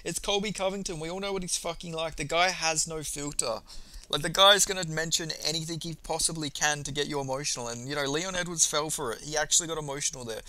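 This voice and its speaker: A man talking through a fight recap in a loose, offhand way, swearing often and wandering between points. His voice sits a little high and sounds bright and forward. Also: fast, dry recording, low-quality recording. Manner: profane, rambling, offhand. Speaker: MMA YouTuber. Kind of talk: casual recap commentary.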